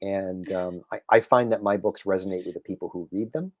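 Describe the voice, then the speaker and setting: A man, a comic book writer and guest on a casual podcast interview, telling stories with lively acted-out quotes and many restarts. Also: deep voice, brisk, dry recording, studio quality. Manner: animated storyteller, acts out quotes, frequent restarts.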